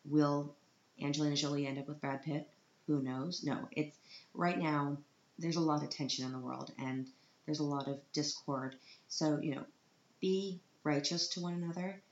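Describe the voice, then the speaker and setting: A woman with a low voice talks casually about her life, chatty and quick with self-deprecating jokes. Her voice sits in a roomy space, and the recording sounds dull with a faint hiss. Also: fairly even intonation. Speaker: mother giving a personal update. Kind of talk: casual personal monologue.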